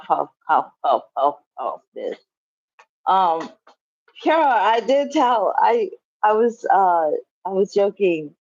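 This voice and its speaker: A woman with a low, darkish voice hosts a casual livestream chat from home, swearing freely and laughing as she reads the chat. The recording is dry and lo-fi.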